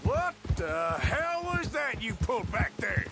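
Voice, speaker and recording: Arthur Morgan, a gruff outlaw. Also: male voice, very high voice, very animated, slow, full character voice. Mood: exasperated. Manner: blunt, exasperated. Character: gruff, weary middle-aged male outlaw. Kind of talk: video game voice acting. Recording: game audio under loud music and gunfire.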